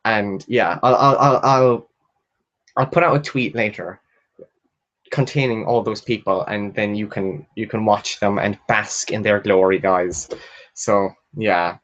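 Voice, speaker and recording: A man's voice: fairly low pitch, fairly even intonation, measured pace, a bit bright, highs cut off. A young man hosting a book live stream, chatting casually and answering viewer comments, gushing and rambling with lots of fillers and the odd swear word. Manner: reads viewer comments aloud and answers them.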